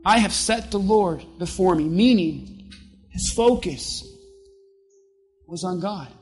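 Preacher going slow n emphatic, drags out the big words, soft music under it. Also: mid-range voice. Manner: emphatic preaching, slows down to stress key words. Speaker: pastor. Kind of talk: sermon.

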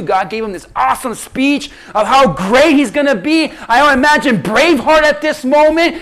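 A man preaching a sermon, acting out prayers and Bible figures, swinging between loud pleading and hushed asides. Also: very high voice, animated, moderate pace, hardly any pauses. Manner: acts out prayers and Bible figures in quoted speech. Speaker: pastor.

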